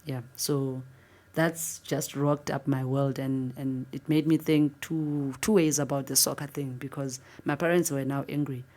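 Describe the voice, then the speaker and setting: Low-pitched South African woman, interviewee, animated earnest storyteller. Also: a little slow. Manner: earnest, animated retelling, voice jumping up for disbelief. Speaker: interviewee, former football captain.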